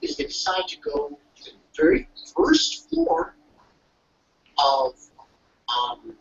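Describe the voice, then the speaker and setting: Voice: mid-range voice, wildly swooping pitch, takes it slowly, vocal fry, a little hiss or hum. A speaker casually recapping an anime episode, rambling and restarting, acting out the characters' lines along the way. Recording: distant, dull lo-fi mic.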